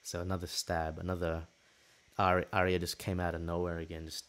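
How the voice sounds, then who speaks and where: A man hosting a podcast, telling a personal story in a casual, lively way and acting out what people said. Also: sits low, a little fast. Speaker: podcast host.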